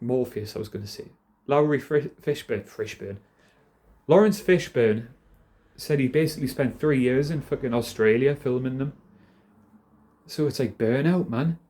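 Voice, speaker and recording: A man's voice: mid-range voice, mellow. A man ranting in a casual, rambling way on a phone held in his hand, swearing freely and laughing often. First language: not American. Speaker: vlogger.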